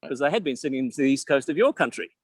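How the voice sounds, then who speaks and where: A man's voice: medium pitch, expressive, racing, dry recording. A man with an Australian accent guiding a live virtual tour, joking and asking his audience questions. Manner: chatty, jokey, asks the audience questions.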